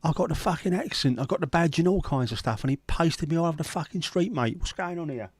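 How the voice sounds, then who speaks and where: A man's voice: on the high side, lively intonation, fast, slightly rough, no room sound, pitched above the performer's own voice. A man putting on the voice of a cocky young London tough guy who has just been beaten up, whiny and indignant. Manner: whiny, indignant mock accent.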